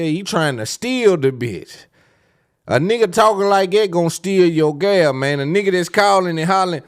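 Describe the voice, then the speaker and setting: A man's voice: high voice, expressive, normal speed, clear, resonant tone, dry recording, studio quality. A man hosting a podcast in casual solo commentary, laid-back and slangy, rambling with repeated fillers. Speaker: podcast host.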